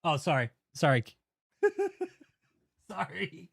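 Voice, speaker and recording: A man's voice: fairly high pitch, lively intonation, slow pace, creaky, fairly bright tone, breathy edge. A man hosting a livestream, reacting to court papers in an angry, profane rant. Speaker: channel host.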